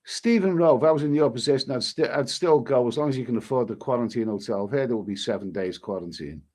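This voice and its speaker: A man's voice: mid-range voice, fast, a little mellow. A man hosts a travel live stream and reads viewer comments aloud. He rambles and repeats himself, with mild swearing and an exasperated edge. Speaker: travel vlogger reading live chat.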